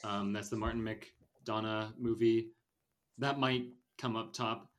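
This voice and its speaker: A man's voice: on the low side, fairly even intonation, slow pace. A man hosting a casual movie podcast, rambling and opinionated, with lots of fillers. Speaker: podcast host.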